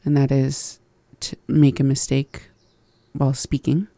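A learner practicing new words in a relaxed lesson, repeating them carefully and laughing at their own slips. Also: medium pitch, measured pace, vocal fry, no room sound. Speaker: language learner. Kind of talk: conversational language lesson.

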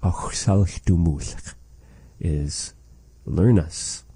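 A man teaching a language lesson, saying phrases slowly and carefully and repeating them for learners. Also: low-pitched, mellow, slightly rough, dry recording.

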